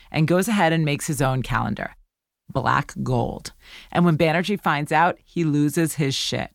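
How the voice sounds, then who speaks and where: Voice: mid-range voice, moderate pace, vocal fry, no room sound, studio quality. A reporter narrating a documentary podcast story in a conversational, plainspoken way.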